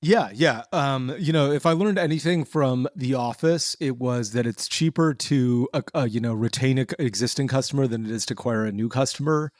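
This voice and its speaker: A man co-hosting a podcast talks in a loose, animated way, stumbling through fillers and restarts. His voice sits in a middle pitch and the recording is dry and close, with no room sound. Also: brisk, few pauses, no echo. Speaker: podcast co-host. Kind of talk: casual podcast chat.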